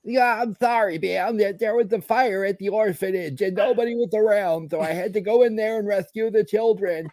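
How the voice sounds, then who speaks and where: A high, whiny cartoon liar, played by a man, spinning apologetic excuses. The voice is dry and close. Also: moderate pace, hardly any pauses, darkish tone, no room sound. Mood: excuse-making. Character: fat lying male slacker, whiny excuse-maker. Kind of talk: adult cartoon voice acting.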